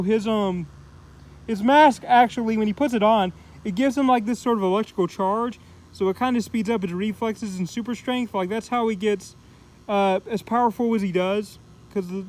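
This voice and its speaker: A man's voice: high voice, rough recording. A man giving a casual spoken comic book review, rambling with lots of fillers as he loosely paraphrases the characters.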